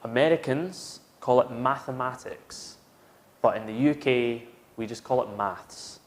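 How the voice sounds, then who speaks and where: Slow, patient British man teaching. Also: mid-range voice. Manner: patient, repeats words for learners to echo. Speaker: English teacher. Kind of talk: slow, clear classroom instruction.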